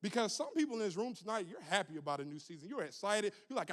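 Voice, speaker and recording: High, bright-voiced young preacher man. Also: fast, few pauses. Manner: animated, humorous, call-and-response with the crowd. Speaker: youth minister. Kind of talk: youth sermon.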